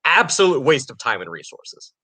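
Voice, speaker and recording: A man's voice: medium pitch, very animated, normal speed, sharp tone, husky. A man co-hosting a casual podcast, giving sarcastic political opinions and laughing between points. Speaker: podcast co-host.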